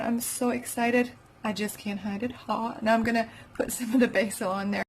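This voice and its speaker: German woman home cook vlogging in her kitchen, kinda high voice, excitable and chatty. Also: moderate pace, slight background noise, rough recording. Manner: chatty and excitable, talks to viewers while cooking. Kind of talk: casual cooking vlog.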